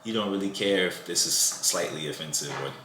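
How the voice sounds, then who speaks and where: A man's voice: low-pitched, brisk, sharp tone, roomy sound, a little hiss or hum. A man casually giving dating advice to the camera, loose and conversational, often asking "you know what I'm saying".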